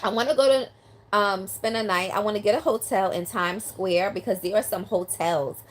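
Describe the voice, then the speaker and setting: With lots of ums, an older woman reads her viewers' comments during a casual live stream from her South Carolina home. She's a New York City native and teaches line dance, and her medium-pitched voice moves at normal speed over a phone or handheld mic with a little hiss or hum.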